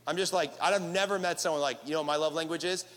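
A young man preaching a sermon to his congregation, with animated, playful asides to the crowd. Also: on the high side, fast talker, slight background noise. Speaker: pastor. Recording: reverberant hall.

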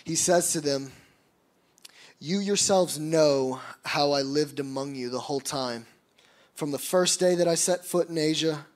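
A man preaching a sermon, reading scripture aloud and then expounding on it with emphatic, rising passages. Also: fairly high pitch. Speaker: pastor.

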